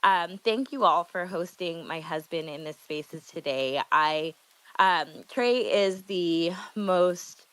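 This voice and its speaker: Woman, lower voice, tearful halting praise, dry sound. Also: animated, a bit bright, smooth, no echo, rough recording. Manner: emotional, halting, laughs often, many ums. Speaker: guest's wife. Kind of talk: casual live audio chat.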